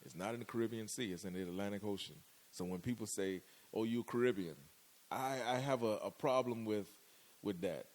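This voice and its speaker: Animated Bahamian man, low voice. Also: fairly quick. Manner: animated, laughs often, slangy and rambling. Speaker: podcast co-host. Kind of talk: casual chat.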